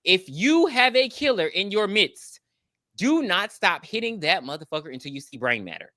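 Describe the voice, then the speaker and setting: A woman co-hosting a podcast recaps a movie in casual, profane chat, acting out the characters' lines. Her mid-range voice is sing-song and fairly bright at a normal speed, with clean studio sound and no room noise.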